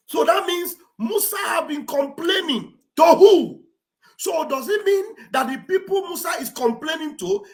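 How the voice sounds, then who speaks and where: A woman hosting a live stream, mocking her subject with sarcastic shouting and mock wailing. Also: very high voice, animated, unhurried. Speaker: online show host. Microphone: live-stream setup.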